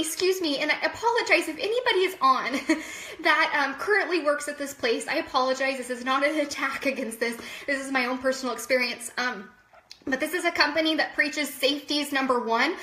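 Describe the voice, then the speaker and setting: A woman's voice: sits high, normal speed, bright, forceful tone, roomy sound. A woman in her thirties crying as she tells viewers, apologizing often and speaking straight to them. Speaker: vlogger. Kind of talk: emotional personal vlog.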